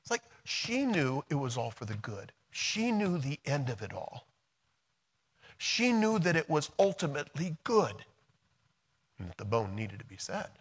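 A middle-aged American man preaching a sermon, moving between quiet, soft passages and loud, emphatic storytelling. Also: fairly high pitch, very animated, unhurried, husky. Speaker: pastor.

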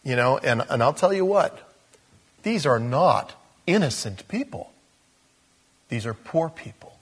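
Husky-voiced man preaching conversationally. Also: medium pitch, big pitch swings, unhurried. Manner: conversational preaching with asides and self-interruptions. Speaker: pastor. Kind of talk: sermon.

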